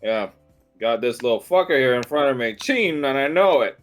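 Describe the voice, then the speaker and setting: A man voicing a gruff, crude male bugbear gambler in a tabletop game, with a rough drawl. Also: mid-range voice, lively intonation, fairly quick, faint music behind, pitched above the performer's own voice, natural voice. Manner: crude, drawling tough-guy talk.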